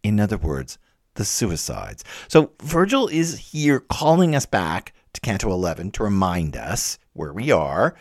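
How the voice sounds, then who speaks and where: A man lecturing on a classic poem, animated and emphatic, jumping between loud stresses and quiet asides. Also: fairly low pitch, measured pace, no echo, clean studio sound. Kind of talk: literature lecture.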